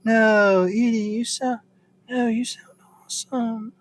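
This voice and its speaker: A man doing a wispy, whiny high voice. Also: fairly even intonation, slow pace. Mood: placating.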